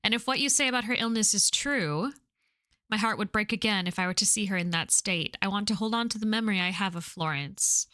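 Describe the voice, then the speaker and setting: A woman reading aloud the lines of a lovesick Victorian gentleman scientist in a game, in her own plain earnest voice. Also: mid-range voice, brisk, no room sound, studio quality, lightly acted. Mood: wistful.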